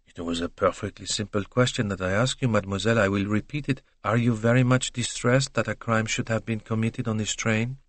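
A shrewd older detective who questions slowly and deliberately, leaning on each word, as a male reader voices him. The voice sits low, in a dry, close recording. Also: steady tone, dry recording, lightly acted. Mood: probing.

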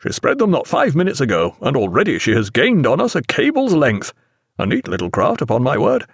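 Man playing a bluff hearty sea captain, lively swinging voice, dry close sound. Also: medium pitch, brisk, creaky, breathy edge, dry recording, full character voice. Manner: bluff, hearty, nautical talk.

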